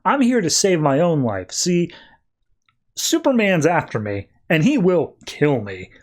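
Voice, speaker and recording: A man voicing a nervous male villain on the run, talking in a rushed, pleading way. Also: fairly high pitch, big pitch swings, pitched above the performer's own voice.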